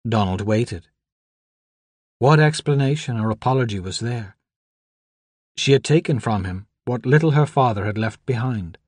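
A man of medium pitch reads a novel aloud as an audiobook narrator, following a script at an even, measured pace. The recording is dry.

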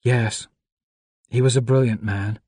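A man reading aloud who voices a tearful young woman grieving a mentor, speaking softly with a lifted pitch. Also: steady tone, unhurried, breathy edge, dry recording, studio quality. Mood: earnest.

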